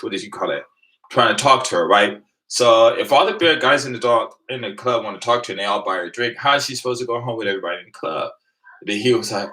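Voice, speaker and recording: A man, casually telling a rambling, animated story to his live viewers and laughing along the way. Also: fairly low pitch, fast talker, poor audio. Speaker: vlogger on a live stream.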